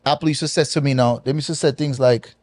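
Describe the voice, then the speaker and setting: Man with speech. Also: mid-range voice. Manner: animated, patois-laced, drawn-out pauses. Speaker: guest. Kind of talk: casual storytelling interview.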